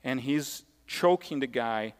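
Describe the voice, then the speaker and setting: A man with a clear, resonant, medium-pitched voice preaches slowly from the pulpit. As pastor, he is emphatic and conversational, circling back to key points and addressing side comments to the congregation, with a long hall reverb on the sound.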